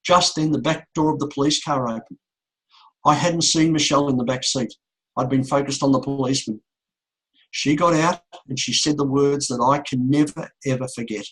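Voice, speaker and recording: A middle-aged man speaks to an audience in a husky, somewhat raised voice. He takes his time and leans on repeated words and long pauses for emphasis. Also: fairly high pitch, fairly bright tone, low-quality recording. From Australia. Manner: slow, repetitive storytelling with emphatic pauses. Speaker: motivational speaker. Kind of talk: emotional speech to an audience.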